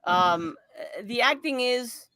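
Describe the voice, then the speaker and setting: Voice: mid-range voice, animated, slow, pushed and bright, a little hiss or hum. A podcast host chatting casually in a movie review, rambling and swearing freely, laughing often.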